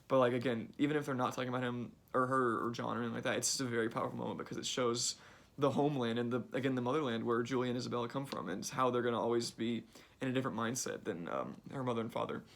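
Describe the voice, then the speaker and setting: A man's voice: mid-range voice, fairly bright tone. A young man giving a casual summary of a book he read, chatty and full of fillers like "like" and "uh".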